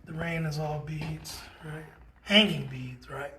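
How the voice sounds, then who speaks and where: An upbeat tour guide talks visitors through an indoor art gallery in a loose, chatty way, at a middling pitch. The delivery is full of playful exclamations. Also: steady tone, slow, sharp tone, slight background noise. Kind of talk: casual guided walking tour.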